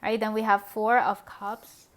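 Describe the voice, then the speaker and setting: A woman's voice: medium pitch, little pitch movement, a little slow. A woman giving a pick-a-card tarot reading in a chatty, gushing way, with many fillers and small laughs. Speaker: tarot reader.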